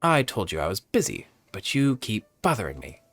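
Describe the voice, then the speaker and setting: A man's voice: fairly low pitch, huge pitch swings, normal speed, fairly bright tone, heavily acted. A man reading a curt newspaper editor woman.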